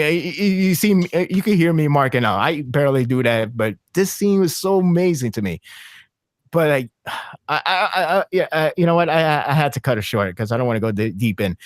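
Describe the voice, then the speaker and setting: Excitable man rambling on a podcast. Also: fairly high pitch, no room sound, studio quality. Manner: excitable, rambling with many restarts and fillers. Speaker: podcast co-host. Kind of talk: casual podcast discussion.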